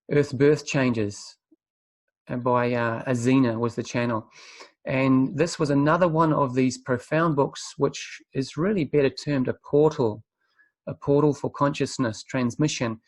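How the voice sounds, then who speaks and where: A man presenting a spiritual webinar, telling his story earnestly and reflectively, often pausing to find his words. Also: mid-range voice, dry recording. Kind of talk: spiritual talk, personal testimony.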